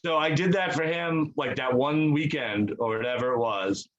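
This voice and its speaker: A young man co-hosts a podcast, rambling through stories in casual conversation, swearing a lot and acting out quotes. His voice is medium-pitched and a bit bright at a normal speed, but the recording sounds muffled.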